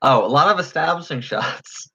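A man's voice: on the high side, animated, normal speed, gravelly, sharp tone, breathy edge, no room sound. A man co-hosting a podcast, chatting dryly about a movie and reading a book passage aloud. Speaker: podcast co-host. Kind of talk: casual movie discussion, reading an excerpt aloud. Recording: dull, lo-fi sound.

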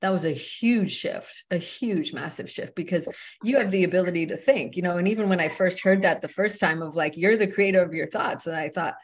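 A woman, a personal trainer and yoga instructor, speaking as a guest in an interview with a smooth, measured delivery like a radio host. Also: fairly low pitch, lo-fi sound. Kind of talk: podcast interview.

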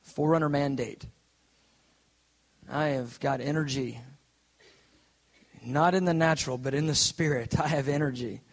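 A middle-aged man preaching a sermon, moving from an earnest prayer into a lively personal story, intense and direct. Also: a little high, moderate pace, pauses often. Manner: intense, earnest, quotes others in put-on voices.

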